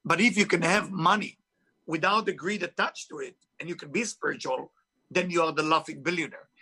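A man's voice: on the high side, fairly quick, bright, forceful tone, husky. A man with a heavy foreign accent, an author and spiritual teacher speaking emphatically in an interview. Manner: emphatic, preachy, non-native phrasing. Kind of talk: interview talk.

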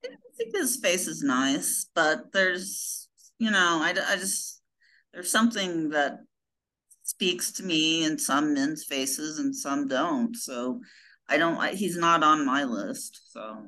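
A woman's voice: sits low, slow, pushed and bright, low-quality recording. A woman co-hosting a podcast in casual chat, hesitant and often trailing off. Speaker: podcast co-host.

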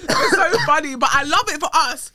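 A young woman, hosting a podcast in casual chat, animated and swearing freely. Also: sits high, fairly quick, slight background noise. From England. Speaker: podcast host. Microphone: studio podcast mic.

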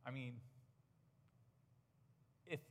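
A man's voice: drawn-out words, slight background noise. A man preaching a sermon as pastor, earnest and emphatic, asking rhetorical questions. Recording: church hall reverb.

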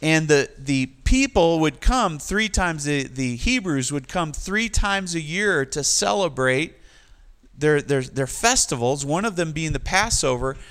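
A male pastor delivers a lively sermon in a voice sitting a touch higher than most men's. He reads scripture with swelling emphasis and speaks directly to his listeners, slipping in light jokes between points. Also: measured pace, clear, resonant tone. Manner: lively preaching, reading scripture with rising emphasis, joking asides.

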